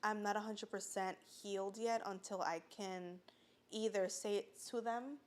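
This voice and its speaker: A woman's voice: medium pitch, steady tone, measured pace. Podcast guest type: a woman with a mid-range voice telling her story earnestly and plainly. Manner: earnest, filler-heavy, fighting back tears at times. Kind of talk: casual personal testimony.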